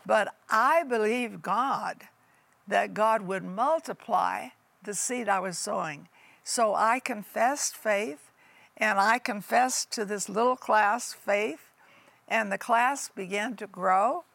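A woman's voice: medium pitch, takes it slowly, vocal fry, fairly bright tone, no echo. An older woman pastor giving a folksy, emphatic sermon testimony that calls listeners honey and folks.

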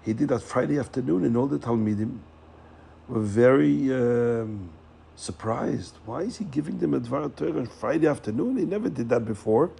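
A man telling a Hasidic story with animated delivery, repeating words and acting out the characters' lines. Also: mid-range voice, normal speed, creaky, slight background noise.

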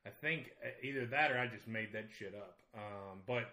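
A man's voice: fairly low pitch, normal speed, bright, forceful tone, echoey room. A man with a Southern accent hosting a podcast, chatting casually in a rambling, joking, profane way. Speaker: podcast host.

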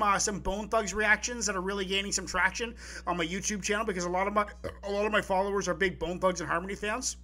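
A man co-hosting a live poetry podcast, chatting casually and excitedly, rambling with restarts and the odd curse. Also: high voice. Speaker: podcast co-host.

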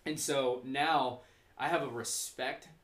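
A young man hosting a student podcast, telling stories in a casual, animated way with many fillers. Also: mid-range voice, slow, reverberant, a little hiss or hum. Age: young adult. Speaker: podcast host. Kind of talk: casual chat.

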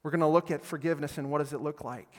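A middle-aged male pastor preaching a sermon, energetic and call-and-response one moment, soft and earnest the next, recorded live in a large church hall. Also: a little high, quick pace.

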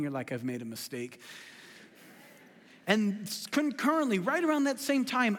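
A male pastor with a drawl delivers a lively, joking sermon, often at his own expense. His voice sits high for a man, and a long hall reverb trails every phrase through the sanctuary. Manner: animated, joking, self-deprecating. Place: church sanctuary.

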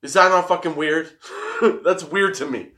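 A young man, high and giggling, hosting a rambling, casual stoner chat show and swearing freely. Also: unhurried, bright, forceful tone. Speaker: host.

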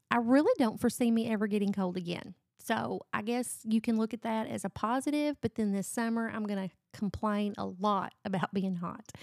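A woman's voice: on the high side, a little mellow, no room sound, studio quality. A middle-aged woman hosting a book review podcast, chatting casually and gushing about the books she loves. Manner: gushing, enthusiastic.

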